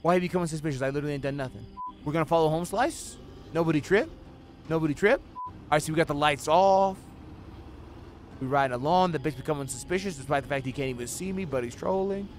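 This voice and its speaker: A young man streaming a video game, giving profane running commentary that swings between low muttering and sudden yelling. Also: fast, slight background noise. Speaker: gaming streamer. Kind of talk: live gameplay commentary.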